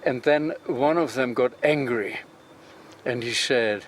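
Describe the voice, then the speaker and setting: Czech guy in his 70s, english w/ accent, earnest testimony, middling pitch. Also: takes it slowly, a little hiss or hum. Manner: earnest, retells with quoted dialogue. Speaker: interviewee. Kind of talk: personal testimony.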